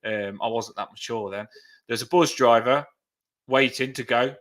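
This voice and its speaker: A chatty man in his thirties co-hosting a live fan stream. His voice is bright and forward, and he tells stories with quick laughs. He sits at a middle pitch. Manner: chatty storyteller, laughs often. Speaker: fan channel co-host. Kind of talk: casual live chat.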